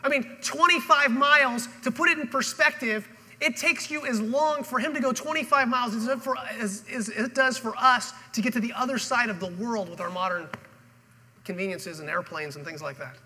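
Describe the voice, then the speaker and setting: A man's voice: very high voice, normal speed, pushed and bright. A male pastor preaching a sermon and telling the story dramatically, acting out the people in it. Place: church auditorium. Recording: long hall reverb.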